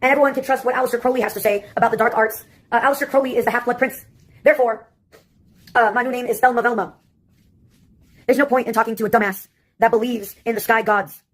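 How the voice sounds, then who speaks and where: A woman with a slightly high, husky voice rambles through a sarcastic comic monologue. She talks quickly and jumps from one topic to the next. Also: fairly even intonation.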